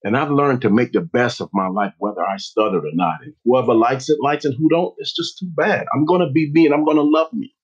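A man, a motivational speaker, telling a personal story in a slow, deliberate, dramatic way. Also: medium pitch, slightly rough. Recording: dull lo-fi recording.

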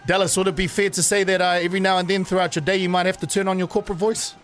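A man hosting a radio show, joking and playful in lively banter. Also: high voice, rapid-fire, faint music behind. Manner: jokey, playful, loud laughter. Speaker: radio host.

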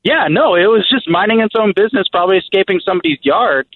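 Male radio caller, casual and halting, a bit high, phone-line audio. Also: expressive, a crowd in the background. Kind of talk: telling a story on the phone.

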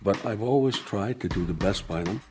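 An actor as a solemn, very deep-voiced father. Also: expressive, a little fast, close to an everyday voice. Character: ageing father defending himself to his family. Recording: TV clip with music underneath.

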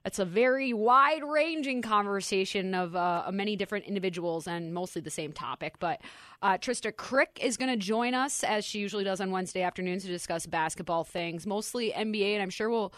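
A woman's voice: medium pitch, a little fast, a bit bright, dry recording. A woman co-hosting a sports talk radio show, chatty and upbeat, speaking into a studio mic. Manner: chatty, upbeat, self-deprecating.

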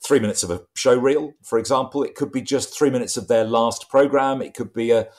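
A man, a voice trainer, explaining his craft in a conversational podcast interview with lively, emphatic delivery. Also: brisk. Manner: lively, emphatic explaining with wide pitch swings.

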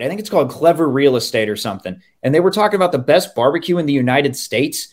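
A man's voice: on the high side, lively intonation, quick pace, few pauses. A man hosting a sports podcast, chatting in an enthusiastic, conversational way. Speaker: podcast host. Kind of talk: casual sports podcast chat.

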